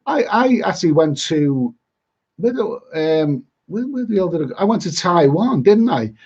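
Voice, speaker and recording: A man's voice: on the high side, sing-song, measured pace, a little mellow, breathy edge. A middle-aged man, chatting casually on a live stream as a travel vlogger, rambling and repeating his words. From Liverpool, England. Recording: dull lo-fi stream audio.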